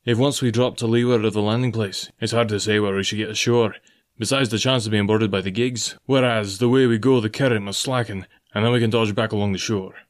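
A man reading the part of a stern, steady sea captain who gives clipped orders. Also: on the low side, a little fast, close to an everyday voice. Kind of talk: audiobook dialogue reading.

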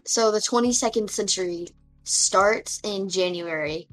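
A woman in her twenties in casual chat with friends, excitable, swearing and laughing often. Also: medium pitch, measured pace, soft background music, poor audio. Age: 20s.

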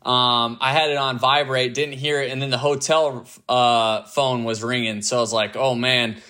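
Loose and laughing, this Tampa-area man, a professional ballplayer, fills his casual interview chat with fillers. He speaks at normal speed with medium pitch, fairly even intonation, and a bright, forceful tone.

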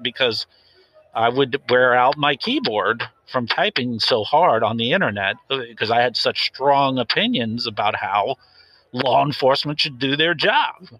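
A man's voice: mid-range voice, animated, a little slow, bright, forceful tone, breathy edge, no room sound, exaggerated voice, rough recording. A man playing an earnest young self-styled safety officer in an improvised mock interview, talking hesitantly with many fillers and getting defensive.

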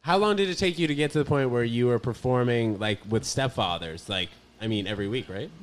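A man hosting a casual podcast interview, relaxed and full of slang. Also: mid-range voice, a little fast. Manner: laid-back, says bro and dope. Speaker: podcast host.

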